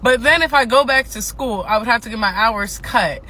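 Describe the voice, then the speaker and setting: Woman, exhausted, frustrated casual rant, swearing, repetitive, bright voice. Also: a little high, normal speed. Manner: frustrated, swears a lot, repeats herself. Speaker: TikTok ranter. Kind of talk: casual ranting monologue.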